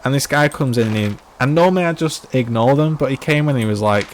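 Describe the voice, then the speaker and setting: A man's voice: mid-range voice, quick pace, hardly any pauses, slight background noise. A young man chatting casually on a live game stream, rambling, restarting his sentences and filling them with "like". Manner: rambling, repeats and restarts himself, many "like" fillers. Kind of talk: casual live-stream chat while playing.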